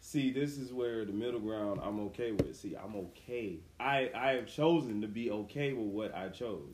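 A man's voice: on the low side, moderate pace, noisy background. Rambling slangy young man. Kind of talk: casual group chat. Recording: roomy echo.

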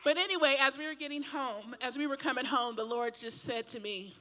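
An older woman pastor preaching a sermon, telling a personal story in a chatty, animated way with laughs and asides. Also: sits high, fairly quick, hardly any pauses. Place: church.

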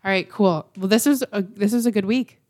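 A woman co-hosting a podcast in casual chat, high, teasing and giggling, often halting mid-sentence. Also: darkish tone. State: high on marijuana. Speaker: podcast co-host.

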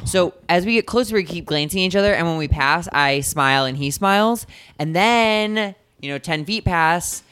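A young man co-hosting a podcast, telling a story in a casual, animated way. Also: high voice, smooth. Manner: animated, quick retelling with acted quotes. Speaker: podcast co-host.

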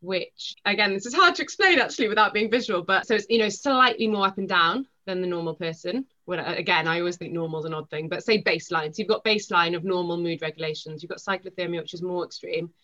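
A young woman talks in a lively, quick rush, slipping into little acted-out quotes as she explains. Her voice sits a bit low for a woman. The recording sounds dull and lo-fi. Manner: rapid, animated storytelling with acted-out quotes. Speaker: guest. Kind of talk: podcast conversation.

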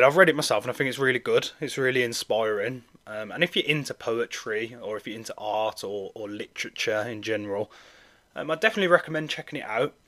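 A man hosting a casual podcast, chatty and relaxed, with lots of ums and a friendly "mate". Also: on the low side. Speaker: podcast host.

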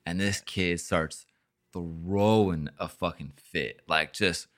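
A young man with a very low voice tells a story in loose, casual chat. He rambles, swears a lot, and fills gaps with filler words. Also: slow, a bit bright. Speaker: podcast host.

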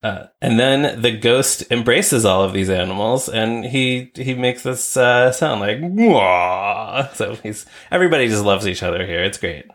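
A man's voice: mid-range voice, normal speed, hardly any pauses, a bit bright. A man co-hosting a podcast, laid-back and chuckling in casual chat. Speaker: podcast co-host.

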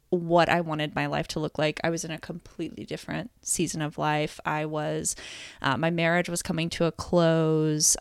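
Gravelly-voiced woman, reflective chat. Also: on the low side, dry recording, clean studio sound. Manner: reflective, hesitant, many ums. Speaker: podcast co-host. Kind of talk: casual chat.

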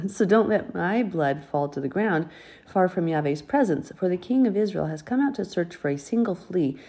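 A woman with a low, husky voice reads a Bible passage and then talks it through in plain, conversational terms. She speaks earnestly and turns straight to her listeners. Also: warm tone. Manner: earnest, explains verses in a chatty way. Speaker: Bible teacher. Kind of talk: Bible reading with commentary.

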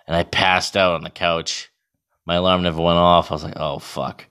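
A man in his thirties telling a casual, profane, animated story about himself. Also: deep voice, normal speed, smooth. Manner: profane, animated, self-mocking.

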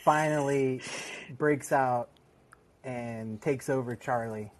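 A man's voice: medium pitch, slow pace. A man who is a podcast guest, retelling a film scene in casual storytelling and laughing as he goes.

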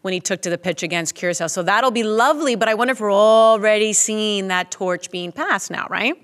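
A woman hosts a relaxed soccer talk show, chatting in an easy way and often ending points with "right?". Her voice sits at a middle pitch for a woman. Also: brisk. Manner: conversational, asks questions, says "right?" often. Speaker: host. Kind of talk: casual sports chat.

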